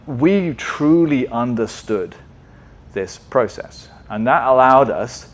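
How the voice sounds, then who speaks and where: Male conference speaker, conversational presenter, often checks in with the audience, medium pitch. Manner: conversational, asks frequent "right?" checks. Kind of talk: tech meetup presentation.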